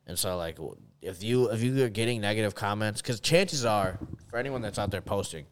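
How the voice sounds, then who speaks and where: A young man holds the floor in relaxed podcast banter. His lowish voice swings up and down as he speeds through his story, swearing freely and breaking into laughs. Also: brisk. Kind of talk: casual chat, storytelling.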